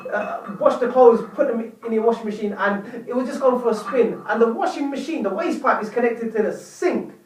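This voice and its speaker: A man's voice: very high voice, normal speed, hardly any pauses. Man, young adult, vlogger, dramatic storytelling, roomy echo, distant mic. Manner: animated, dramatic retelling with repeated "lo and behold". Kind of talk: casual storytelling to camera.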